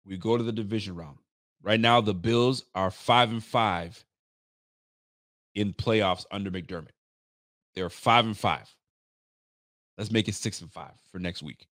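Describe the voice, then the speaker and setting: A man's voice: fairly low pitch, unhurried, pauses often, a bit bright, no echo, clean studio sound. A tired man hosting a live post-game reaction stream for a fan channel, hyped and rambling, trash-talking the rivals. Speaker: sports fan channel host.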